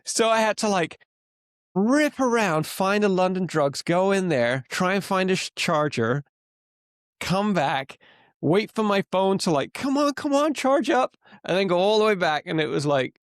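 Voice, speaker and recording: A man's voice: sits high, unhurried, clean tone, no room sound, clean studio sound. A man co-hosting a podcast, chatting casually and acting out his own frustrations as he tells stories. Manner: animated storyteller, acts out his own frustration. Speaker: podcast co-host. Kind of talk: casual conversation. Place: living in rural Canada.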